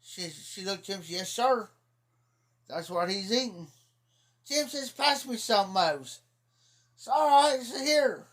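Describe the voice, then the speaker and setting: A man's voice: sits high, lively intonation, unhurried, fairly bright tone. Folksy rambling man telling stories. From Ohio. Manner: rambling folksy storyteller, repeats "I said". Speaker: livestream host. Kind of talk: casual storytelling chat.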